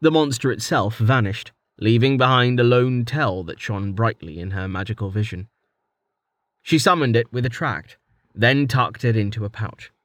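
A man narrating a fantasy story in a steady, even storytelling manner. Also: mid-range voice, normal speed, dry recording. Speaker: audiobook narrator.

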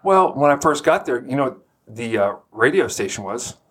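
A man with a husky, slightly rough voice tells an anecdote in relaxed conversation. His pitch swings widely as he gets animated, and he laughs through his own story. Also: normal speed. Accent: Texan. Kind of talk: casual storytelling chat.

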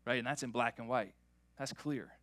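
A man preaching a sermon to his church, animated and repeating words as he builds each point. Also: mid-range voice, moderate pace, no room sound. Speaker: pastor.

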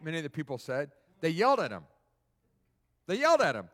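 A male preacher delivers a sermon in a high, lively voice that leaps up and down. He keeps asking his listeners to answer back. His words trail into a long reverb in a large hall. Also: quick pace, long pauses. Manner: animated, asks the audience questions.

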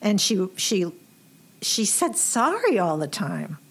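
A woman's voice: medium pitch, big pitch swings, takes it slowly, husky. A woman hosting a casual interview, chatty and effusive, laughing often. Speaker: host.

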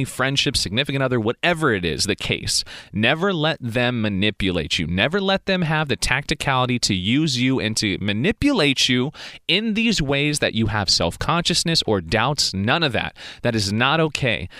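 A man's voice: mid-range voice, fairly bright tone, no room sound, studio quality. A man delivering a fired-up, preachy motivational monologue to viewers, laughing often. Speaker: vlogger giving life advice.

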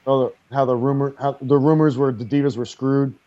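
Excitable man calling the action live. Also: medium pitch, brisk, no echo, lo-fi sound. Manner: excitable play-by-play with swearing. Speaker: co-host watching a wrestling match. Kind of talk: casual live watch-along commentary.

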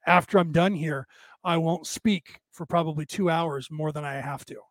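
A man's voice: fairly high pitch, fairly even intonation, normal speed, no room sound. An older man with a worn, damaged-sounding voice, talking at length in a rambling way and often restarting his sentences. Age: older, with graying hair. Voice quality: says his voice is damaged but penetrating. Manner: tired from talking for hours. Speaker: podcast host. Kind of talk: casual monologue.

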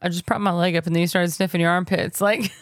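A woman in her thirties, a podcast co-host, telling a story with lively acted-out quotes and frequent laughs. She is recovering from an illness. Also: lowish voice, no echo. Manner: animated storytelling, quick to laugh. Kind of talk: casual chat.

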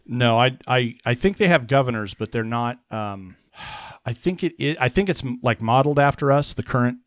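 Male co-host, mid-pitched, rambling and self-correcting, dry close mic. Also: lively intonation, moderate pace, dry recording. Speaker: podcast co-host. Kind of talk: casual chat.

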